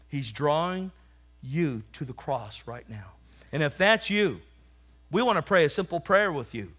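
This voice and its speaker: A man's voice: medium pitch, a bit bright. A man preaching a sermon, telling a humorous story and then exhorting and praying fervently.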